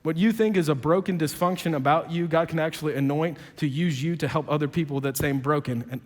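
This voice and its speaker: High-voiced pastor preaching in a hall. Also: male voice, fast talker. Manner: emphatic, swings from low and quiet to loud and raised; sarcastic, joking asides. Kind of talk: sermon. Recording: long reverb of a big hall.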